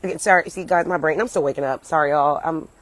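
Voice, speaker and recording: Talking quickly in a low-pitched voice with fairly even intonation, a young American comedian tells a wandering story on a phone livestream held at arm's length. She's at home, partly outdoors, cursing freely and chatting with viewers; there's no room sound, and the audio is poor.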